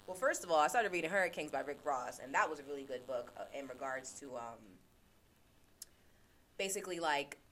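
A woman's voice: low voice, animated, fairly quick, a bit bright, slight background noise. A woman hosting a podcast, talking casually and earnestly about self-reflection, repeating phrases for emphasis. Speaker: podcast host; teacher. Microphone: laptop.

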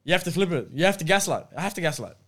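A man's voice: a little high, sing-song, rapid-fire. A young man chatting casually with friends, teasing and bantering. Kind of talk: casual chat.

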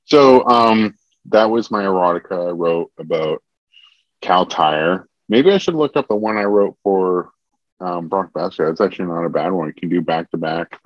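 Deep-voiced man reading comic erotica. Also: normal speed, dry recording, dull audio. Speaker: comedian reading his own erotica. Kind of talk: comedic reading of a written story.

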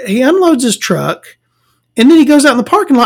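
Very animated and a little fast, a woman with a high-pitched, slightly rough voice tells profane, blunt work stories to the camera. A vlogger from the American South, she laughs through her casual rant.

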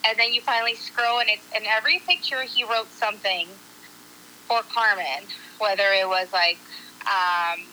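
Bright animated woman telling a story. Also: mid-range voice, moderate pace, slight background noise, low-quality recording. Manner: animated, acts out quotes, swears casually. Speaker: coworker and friend telling a proposal story. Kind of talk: casual storytelling to a group.

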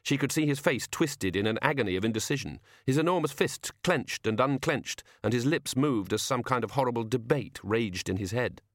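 Man, audiobook narrator, measured, dry storytelling, medium pitch, dry close sound. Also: lively intonation, no room sound. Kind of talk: scripted narration.

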